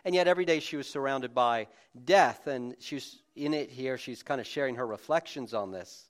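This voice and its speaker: A man's voice: mid-range voice, moderate pace. A man preaching a conversational sermon to a gathered congregation, speaking informally with frequent restarts and asides. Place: room with a live congregation.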